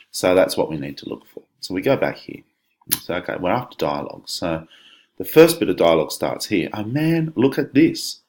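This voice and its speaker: A man, a teacher talking students through an exam paper in a conversational, explanatory way, with frequent fillers and restarts. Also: low-pitched. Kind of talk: exam walkthrough lesson.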